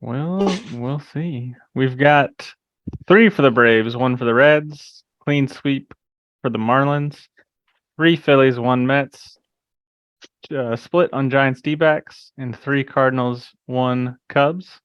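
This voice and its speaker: A man's voice: medium pitch, takes it slowly, smooth, dry recording. Man hosting a dry, lo-fi sports chat. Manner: moderates picks with dry teasing. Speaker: podcast host.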